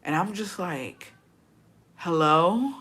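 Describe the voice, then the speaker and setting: A woman chatting casually and bluntly with her viewers, swearing freely and breaking into animated outbursts. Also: lowish voice, brisk. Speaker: streamer reacting to chat. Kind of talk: casual profane chat.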